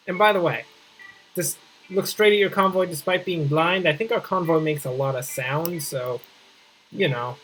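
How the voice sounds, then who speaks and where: A man hosting a casual gameplay video, reading game text aloud between jokey asides and sudden excited outbursts. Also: high voice, poor audio. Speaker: gaming video host.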